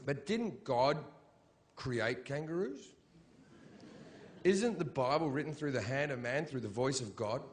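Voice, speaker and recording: A man's voice: medium pitch, animated, unhurried, pauses often, a little hiss or hum. A middle-aged man doing a stand-up comedy routine on stage, blunt, profane and mocking. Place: comedy stage before a live audience.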